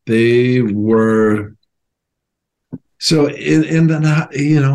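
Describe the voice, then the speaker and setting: A man, a former professional athlete, earnestly telling a personal story as a podcast guest, halting at times and acting out remembered conversations. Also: mid-range voice, darkish tone. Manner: earnest, halting, acts out remembered phone calls.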